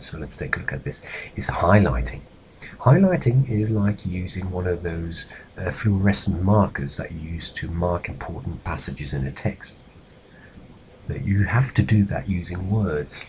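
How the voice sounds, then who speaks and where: Deep-voiced man lecturing, faint hiss. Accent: Belgian Dutch-speaking. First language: Dutch. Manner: explanatory, acts out example phrases. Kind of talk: recorded lecture on presentation skills.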